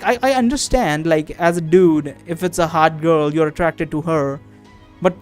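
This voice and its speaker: Guy with a high voice reading a text game, tripping over words, swearing, music faint behind. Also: a little mellow. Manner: stumbling, self-correcting, blunt and profane asides. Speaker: game streamer. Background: faint background music.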